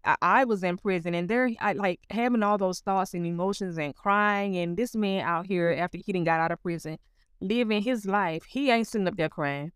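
Woman, earnest testimony speaker, warm direct address; smooth tone, mid pitch. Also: normal speed, no echo, studio quality. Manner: earnest, calls the listener honey. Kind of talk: personal spiritual testimony.

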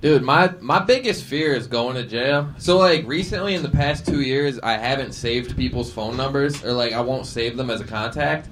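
A man's voice: medium pitch, fairly bright tone, a little hiss or hum. Joking, crude male podcast host. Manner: joking, crude, quick teasing. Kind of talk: casual podcast banter.

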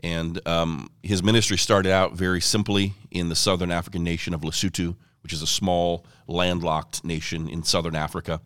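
Man, very low voice, dry close sound, earnest evangelist storyteller. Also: level tone, normal speed, few pauses, a bit bright, clean tone, no room sound. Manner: earnest, fluent storyteller who quotes others. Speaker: evangelist guest. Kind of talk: conversational interview storytelling. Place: ministry headquarters office.

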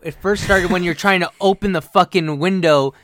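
A man's voice: high-pitched, normal speed, fairly bright tone, no echo, studio quality. A man co-hosting a podcast, teasing his friends and cutting in with jokes. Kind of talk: casual chat.

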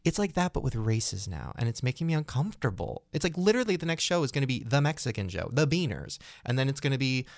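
A man's voice: mid-range voice, fast, few pauses, no room sound, studio quality. A young man hosting a podcast, ranting casually with lots of swearing and laughter. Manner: animated, profane, rambling ranting with laughs. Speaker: podcast host. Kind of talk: casual chat.

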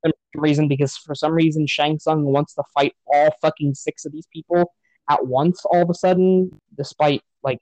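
A man's voice: on the high side, fairly even intonation, normal speed, darkish tone, no room sound, low-quality recording. Profane ranting man on a podcast. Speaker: podcast host. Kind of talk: casual podcast movie rant.

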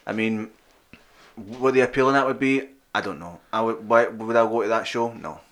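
A man's voice: mid-range voice, fairly even intonation, brisk, fairly bright tone. A man co-hosting a podcast in crude, rambling, laughing casual chat. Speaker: podcast co-host.

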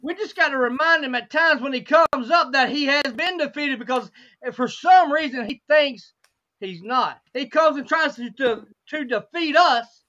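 A hoarse woman with a cracking voice leads a fervent Bible study, repeating phrases and asking rhetorical questions. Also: sits high, moderate pace, bright, forceful tone, highs cut off.

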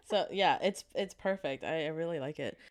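A woman in casual chat, slangy and animated, laughing often as she talks with friends. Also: deep voice, normal speed. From Canada.

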